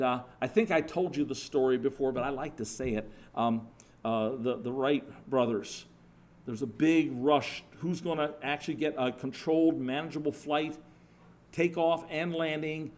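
Man preaching a sermon, conversational, animated storytelling, restarts and asides, somewhat high-pitched. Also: moderate pace.

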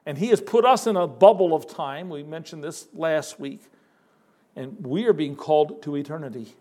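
A male preacher delivering a sermon in a fairly high voice. He speaks emphatically and folksily, calling his listeners folks, pausing and repeating words as he builds each point. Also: a little mellow.

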